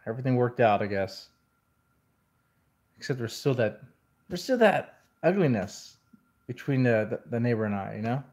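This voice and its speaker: A man's voice: medium pitch, lively intonation, moderate pace, pauses often, darkish tone. A man venting in a casual vlog, telling a rambling story in an exasperated way. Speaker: vlogger.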